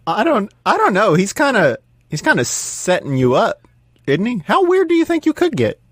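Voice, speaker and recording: A man co-hosting a casual podcast chat, telling jokey stories in an animated way. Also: high voice, moderate pace, husky, no room sound, clean studio sound. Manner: animated joking storyteller. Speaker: podcast co-host.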